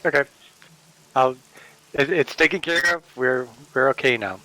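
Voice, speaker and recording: A man's voice: medium pitch, unhurried, background noise. A man playing a tabletop game who speaks hesitantly and repeats his words. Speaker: player. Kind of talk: casual tabletop play.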